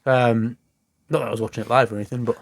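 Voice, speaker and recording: A man's voice: medium pitch, fairly even intonation, fast talker, creaky. A man co-hosting a casual football podcast, acting out other people's quotes and swearing casually. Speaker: podcast co-host.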